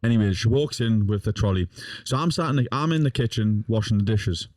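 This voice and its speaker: A man's voice: lowish voice, a little fast, darkish tone, dry recording. A young man telling a rowdy story in casual podcast chat, swearing constantly and laughing as he goes. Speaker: podcast guest.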